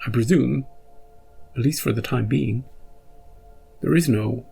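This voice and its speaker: A man talks through his thoughts in a loose, rambling way, restarting sentences as a reaction host. His voice is gravelly and a little husky, with faint music in the background. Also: medium pitch, a little slow, mellow. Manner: rambling, self-interrupting, chuckles often. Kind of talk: casual after-episode musing.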